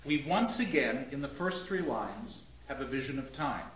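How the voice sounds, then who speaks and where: A man's voice: mid-range voice, lively intonation, normal speed, background noise. A man teaching literature to a class, reciting lines of verse and tapping out their rhythm as he asks questions. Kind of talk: classroom lecture. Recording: roomy, dull lecture recording.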